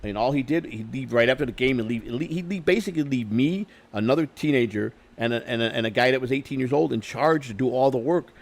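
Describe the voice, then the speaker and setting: A middle-aged man telling stories in a candid interview, swearing freely, repeating and restarting his words, and getting louder when he retells arguments. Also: medium pitch, fast talker, creaky, hardly any pauses. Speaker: interview guest. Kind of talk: candid conversational storytelling.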